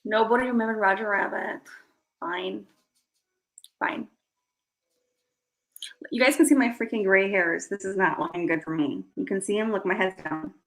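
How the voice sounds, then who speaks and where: A woman's voice: mid-range voice, steady tone, moderate pace, pauses often, low-quality recording. A woman in her thirties chatting casually with her stream viewers, rambling and self-deprecating. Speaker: live streamer.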